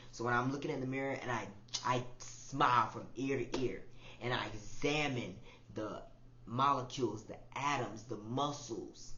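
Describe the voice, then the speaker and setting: A man in his twenties hosts a podcast, speaking a reflective personal monologue in a mid-pitched voice. His delivery is emotional and repetitive, dropping soft and then rising into louder swells. The recording is roomy and somewhat dull, with faint ambience behind him. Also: slight background noise. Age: 20s. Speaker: podcast host.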